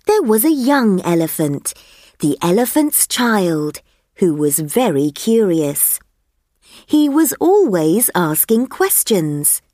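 A woman narrating a children's story for language learners, slow, clear and expressive. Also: mid-range voice, no echo, studio quality. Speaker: narrator of a graded reader.

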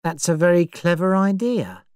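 Wry, measured man, voiced by a female narrator, calm and dry; close, dry sound. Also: lowish voice, clear, resonant tone, dry recording, pitched above the performer's own voice. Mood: cool. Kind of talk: audiobook character reading.

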